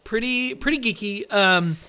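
A man's voice: sits high, measured pace, sharp tone, clean tone. A man co-hosting a casual podcast chat, talking eagerly and recommending things to listeners. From United States. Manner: enthusiastic, recommending. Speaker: podcast co-host.

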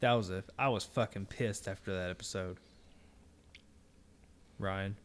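A man's voice: low-pitched, fairly even intonation, unhurried, a little hiss or hum. A man co-hosting a podcast, telling a story in casual, profane chat and mimicking people in it. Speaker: podcast co-host.

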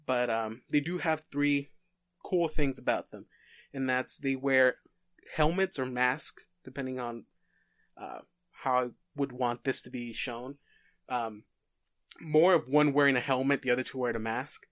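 Halting man telling a story. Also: medium pitch, a bit bright, dry recording, clean studio sound. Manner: halting, many fillers and restarts. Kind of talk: casual story pitch.

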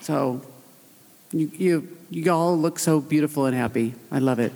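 A panel guest speaking in a heartfelt, halting way, close to tears with joy. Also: mid-range voice, gravelly, warm tone, a little hiss or hum. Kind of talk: emotional panel remarks. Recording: live hall recording with long reverb.

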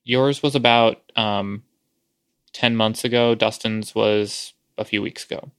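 A man with a fairly low voice co-hosts a casual podcast chat. He talks in a wry, matter-of-fact way. The sound is dry and close, with no room echo. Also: fairly even intonation, a little slow, smooth. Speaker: podcast co-host.

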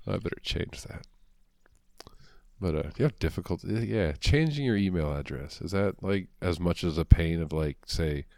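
A man's voice: low-pitched, animated, normal speed, vocal fry, a little mellow, no room sound, studio quality. A young man with a New York accent co-hosting a podcast, rambling loosely and laughing often between remarks. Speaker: podcast co-host. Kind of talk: casual chat.

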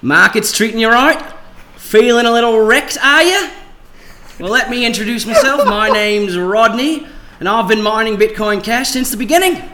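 A man voicing a brash Australian coin miner with a put-on Australian accent and a swaggering pitch. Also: very animated, moderate pace, sharp tone, exaggerated voice. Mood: boisterous.

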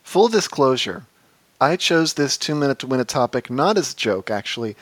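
A man with a Midwestern accent delivers a comedic podcast monologue in a deadpan, mock-serious way. His voice sits at a middle pitch. The recording is dry and close, with no room sound. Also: moderate pace, no room sound. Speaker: podcast co-host.

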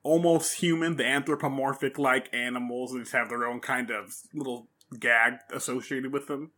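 Male co-host, relaxed and easygoing, bright voice, casual chat. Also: mid-range voice, moderate pace. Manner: relaxed, easygoing, laughs often. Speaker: podcast co-host. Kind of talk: casual anime discussion.

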